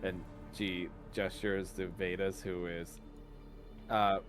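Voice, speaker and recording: A low-voiced man running a tabletop game, describing rooms and people in an easygoing, casual way. Faint music plays behind his voice. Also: level tone, slow. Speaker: dungeon master.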